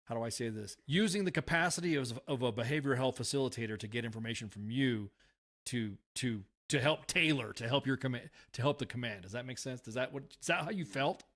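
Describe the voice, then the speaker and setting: An older man interviewing a guest, asking probing questions in a halting way that repeats words. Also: mid-range voice, fairly bright tone. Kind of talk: casual interview.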